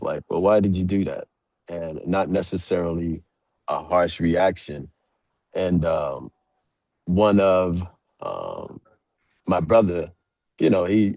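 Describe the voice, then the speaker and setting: A man in his forties talks as a podcast guest, relaxed and rambling with plenty of fillers. His voice is low and warm. The sound is dry and close. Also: dry recording. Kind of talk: casual storytelling.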